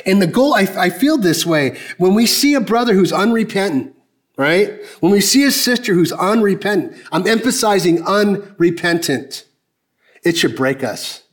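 A man's voice: high-pitched, very animated, moderate pace. A man preaching a sermon in a conversational, emphatic way, often asking the congregation direct questions. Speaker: pastor.

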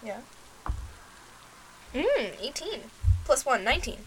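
A woman plays in a tabletop game, speaking in a slightly high voice. She talks casually and hesitates often with ums. Faint background noise sits under the recording. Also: sing-song, slow, rough recording. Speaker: player.

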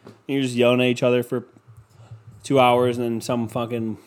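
A man's voice: mid-range voice, little pitch movement, normal speed. A man hosting a casual solo podcast, rambling and swearing freely, packing his talk with "you know" fillers. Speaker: podcast host.

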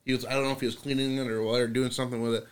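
A man's voice: medium pitch, little pitch movement, racing, a loud crowd. Chill podcast guy, laughs a lot, swears while telling a story. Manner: laid-back, laughing, profane storytelling. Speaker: podcast co-host. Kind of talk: casual chat.

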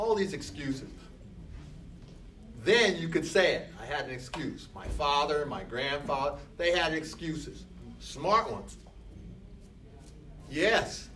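A man's voice: fairly high pitch, lively intonation, slow, long pauses, bright, forceful tone. An older man teaching a class, speaking emphatically and repeating short phrases for effect. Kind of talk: classroom lecture. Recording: distant mic with faint background noise.

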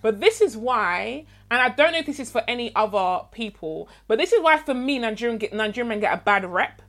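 A woman's voice: a little high, lively intonation, a bit bright. A woman co-hosting a casual chat, reacting eagerly to a story. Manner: eager listener, quick reactions and laughs. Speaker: podcast co-host.

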